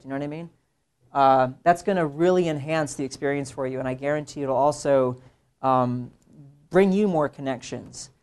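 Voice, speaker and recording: Chatty man lecturing art students. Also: on the high side. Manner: conversational, animated, mimics voices in quoted asides. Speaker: illustrator giving a talk to students. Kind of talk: casual classroom lecture.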